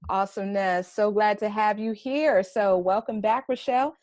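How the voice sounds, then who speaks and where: A woman's voice: medium pitch, normal speed, a little mellow, no room sound, clean studio sound. A woman hosting a podcast panel in an upbeat, enthusiastic way, speaking over a video call. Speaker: panel host.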